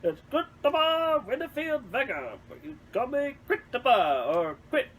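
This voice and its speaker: A woman playing a slow, pompous man. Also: sits high, very animated, voice pushed up, full character voice. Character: pompous adult man, a Santa lookalike.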